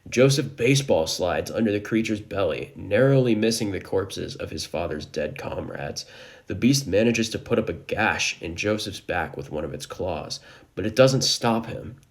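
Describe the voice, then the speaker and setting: Gravelly, low-voiced man recapping a manga. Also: expressive, moderate pace. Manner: casual, enthusiastic, joking asides. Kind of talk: chapter recap narration with commentary.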